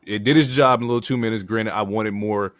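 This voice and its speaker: Deep-voiced man ranting casually. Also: fast, dry recording. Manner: profane, animated opinions with frequent fillers. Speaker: podcast co-host. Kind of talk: casual wrestling recap chat.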